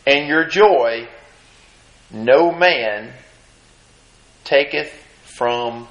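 A man's voice: medium pitch, extremely slow, a bit bright, muffled recording. A man preaching a sermon, reading scripture aloud and then commenting on it in a folksy, emphatic way. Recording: roomy echo.

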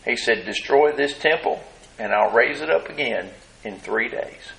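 A man preaching a sermon, retelling a scene dramatically and acting out the crowd's shouts. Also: medium pitch, animated, vocal fry, low-quality recording. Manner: slow, drawn-out delivery with long pauses.

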